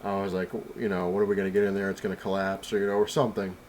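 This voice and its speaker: A young man talks quickly into his camera mic at home, rambling through a story with plenty of fillers and restarts. His voice sits fairly low, and a faint noise hangs under the recording. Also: little pitch movement, a little mellow, poor audio. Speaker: vlogger. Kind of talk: casual storytelling.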